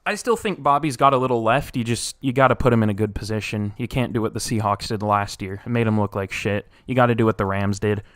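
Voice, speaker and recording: Young guy streaming, mutters then yells at chat, voice getting tired, dry close sound. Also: lowish voice, fast talker, hardly any pauses, no echo. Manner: reads and answers chat, swings from mumbling to loud outbursts. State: voice wearing out. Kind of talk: casual live-stream reaction.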